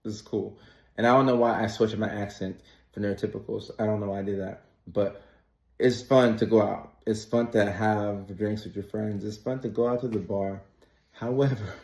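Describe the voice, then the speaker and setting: A man's voice: fairly low pitch, dark tone, roomy sound. A man in his thirties talking straight to camera in a casual, storytelling way with comic asides. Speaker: content creator and comedian. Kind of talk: casual direct-to-camera chat.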